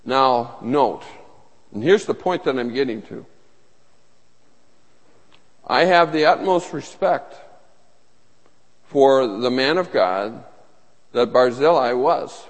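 A man's voice: mid-range voice, expressive, slow pace, long pauses. A man preaching a sermon as pastor, earnest and emphatic, often repeating his phrases. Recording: long reverb of a large hall.

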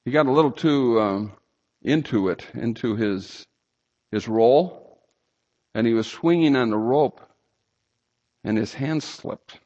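A man's voice: on the low side, creaky, husky. Man preaching, dull lo-fi sound. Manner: storytelling with sudden loud outbursts. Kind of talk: sermon.

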